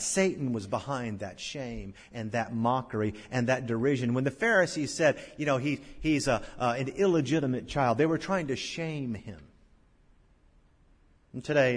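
A male pastor preaching a sermon, swelling to loud, drawn-out scripture recitations and dropping to hushed lows. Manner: slow, drawn-out recitation of King James verses. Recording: long church-hall reverb.

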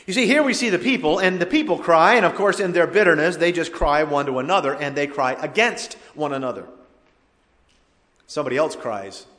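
A man preaching a sermon as pastor, with dynamic delivery that swells to loud emphatic cries and drops to quiet, low lines. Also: animated, fairly quick, in a large hall.

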